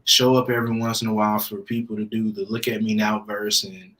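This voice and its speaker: A man's voice: on the low side, little pitch movement, a little fast, noisy background. A man co-hosting a podcast, laid-back and joking in casual chat. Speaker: podcast co-host. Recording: voice a bit distant from the mic.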